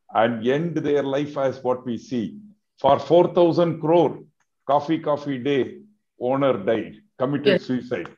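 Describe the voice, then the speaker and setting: Impassioned high-pitched Indian man. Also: highs cut off. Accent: Indian English. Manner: emphatic, rhetorical questions, rising to loud outbursts. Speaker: business advocate in a televised discussion. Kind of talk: impassioned discussion.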